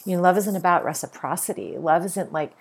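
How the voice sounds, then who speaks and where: Low, husky woman preaching love. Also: fairly quick. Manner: earnest, repetitive, emphatic. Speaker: podcast host. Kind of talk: spiritual monologue.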